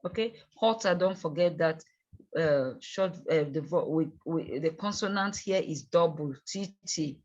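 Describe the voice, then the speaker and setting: Woman, teacher, bilingual lesson, hesitant explaining, unhurried, muffled sound. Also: low-pitched, a little mellow. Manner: explains slowly, switching between English and French, many fillers. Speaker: English teacher. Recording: dull, lo-fi sound.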